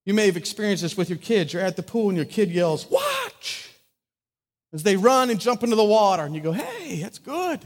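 A pastor delivering a sermon with a notably high voice. He talks conversationally, acting out small scenes and dropping from loud lines to hushed ones. The sound carries a long reverb from a church sanctuary. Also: quick pace, few pauses. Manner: conversational, acts out little scenes with wide swings from loud to hushed. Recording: hall reverb.

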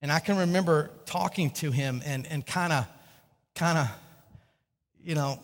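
A man with a high voice preaches a sermon in a reverberant church hall. He tells a story with animated delivery and stammered restarts. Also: unhurried. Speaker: pastor.

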